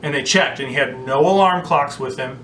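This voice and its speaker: Bright-voiced man teaching from a distance. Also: moderate pace. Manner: chatty, anecdotal, lots of "like". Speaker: spiritual teacher. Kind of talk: casual teaching talk on prayer. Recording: distant mic with faint rumble.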